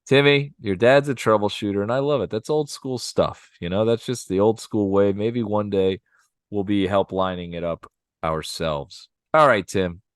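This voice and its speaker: A man co-hosting a casual podcast chat, upbeat and quick to laugh. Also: fairly low pitch, steady tone, clean tone, no echo, clean studio sound. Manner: upbeat, laughs often, does playful impressions. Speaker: podcast co-host.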